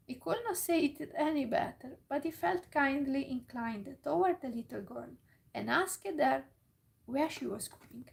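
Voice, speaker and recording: A woman reading a fairytale aloud in a whispered role-play, soft and slow with small slips. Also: high-pitched, expressive, creaky, rough recording. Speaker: storyteller.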